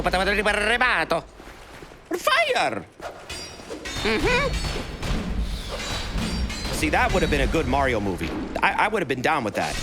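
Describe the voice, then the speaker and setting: A man streaming a video game, chatting casually, swearing freely and yelling at enemies. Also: mid-range voice. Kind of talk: casual gameplay commentary.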